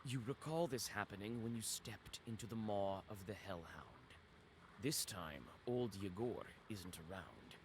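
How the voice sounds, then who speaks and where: A man narrating a dark story in second person in a measured, atmospheric manner. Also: fairly low pitch, animated, slight background noise.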